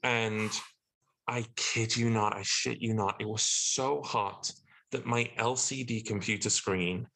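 A British man with a bright, forceful voice and a lowish pitch tells a story in casual chat. He acts out the people he quotes, and his voice leaps up when he is outraged. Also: steady tone, slow pace, rough recording. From Britain. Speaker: guest telling a story.

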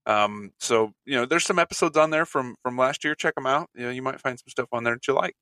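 A man with a bright, forceful voice talks casually as a podcast guest. He is easygoing and drops in short remarks. The recording is dry and close. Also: mid-range voice, fast talker, dry recording. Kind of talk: casual chat.

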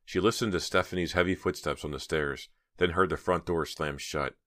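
A man narrates an audiobook in a steady, measured scripted reading. His voice sits low, recorded in clean studio sound with no echo.

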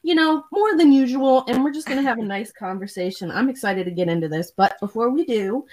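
A woman's voice: fairly high pitch, fairly quick. A young woman co-hosting a casual podcast over a video call, swearing freely and laughing often as she chats. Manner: animated, profane, laughing often. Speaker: podcast co-host.

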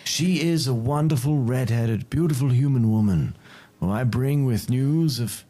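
A man's voice: mid-range voice, unhurried, warm tone. A man narrating as game master of a tabletop game, playful and self-mocking. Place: home streaming setup.

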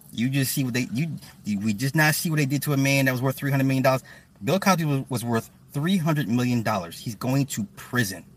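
A man's voice: medium pitch, a bit bright, distant mic. A man ranting bluntly and profanely on a casual livestream from his car, often repeating words as he talks to his viewers. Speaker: livestream host.

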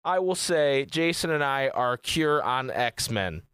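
Podcast co-host, male, mid pitch, dry close mic, rambling casual delivery. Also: very animated, slow pace, a bit bright, smooth, no room sound. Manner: rambling, laid-back, swears freely.

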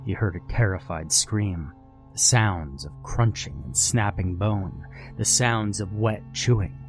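Slow low-voiced horror narrator man. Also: a little mellow.

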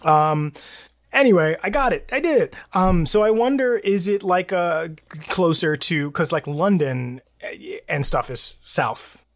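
A man's voice: sits high, lively intonation, a little slow, no echo, studio quality. A man from the United States co-hosting a podcast in casual chat, rambling and laughing often. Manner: rambling, restarts, laughs a lot. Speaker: podcast co-host.

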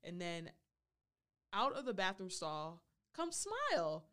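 A woman's voice: on the low side, wildly swooping pitch, slow pace, fairly bright tone. A woman hosting a solo storytelling podcast, talking playfully and now and then referring to herself in the third person. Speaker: podcast host.

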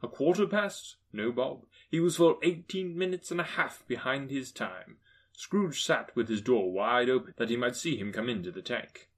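Guy reading an old story out loud, husky, lots of ups and downs in his voice. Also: medium pitch, expressive, moderate pace. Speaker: audiobook narrator.

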